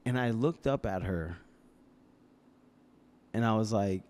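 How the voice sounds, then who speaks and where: A young man with a lowish, darkish voice takes his time as he tells a personal tale on a podcast. Recorded in the studio with a podcast microphone, this casual interview finds him hesitant, restarting often and leaning on fillers.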